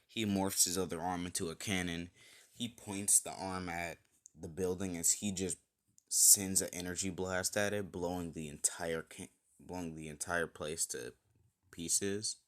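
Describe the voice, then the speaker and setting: A man's voice: low voice, steady tone, measured pace, fairly bright tone. A man casually retelling an improvised fan story, rambling with many fillers and self-corrections.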